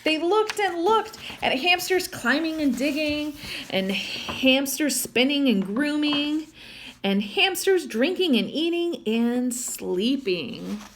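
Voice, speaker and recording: Animated woman reading a picture book. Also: sits high, slow pace, slight background noise. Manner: adds chatty asides to the listener. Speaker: storyteller.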